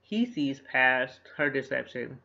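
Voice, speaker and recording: A man's voice: mid-range voice, expressive, slow pace, gravelly, sharp tone. A man casually recapping a TV episode, animatedly retelling scenes and acting out the characters' lines. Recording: dull lo-fi recording.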